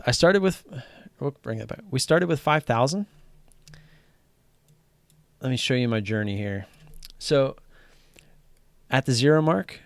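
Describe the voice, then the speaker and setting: A man chats through a live trading stream in a mid-range voice roughened by gravelly fry. The sound is dry and close, with no room around it. He talks off the cuff, curses freely, restarts his thoughts and gets worked up over his results. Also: medium pitch, no room sound. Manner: excitable, swears casually, rambling restarts. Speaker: livestream host talking day trading. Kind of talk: casual live-stream chat. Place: home streaming setup wearing headphones.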